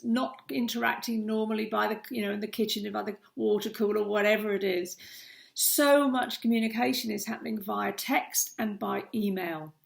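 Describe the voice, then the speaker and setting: A woman's voice: a little high, gravelly. A middle-aged woman, a coach, giving earnest, emphatic advice straight to the viewer in a vlog. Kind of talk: direct-to-camera advice vlog.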